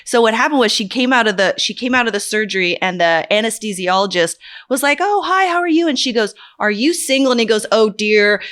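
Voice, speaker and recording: Female panelist, animated storyteller, acts out the quotes, mid-pitched. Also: a little fast. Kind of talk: casual podcast chat.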